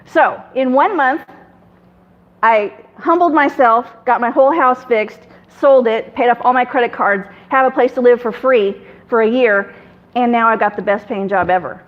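A woman with a high voice tells a personal story in a chatty, casual way, acting out the people she quotes. The recording sounds dull and lo-fi. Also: normal speed. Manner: chatty, acts out other people in quoted dialogue. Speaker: guest telling her faith testimony.

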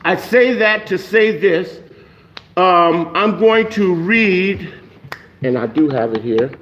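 A man's voice: sits high, expressive, slow pace, lo-fi sound. A man preaching a sermon in a conversational way, checking in with the congregation with frequent "okay?". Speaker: pastor.

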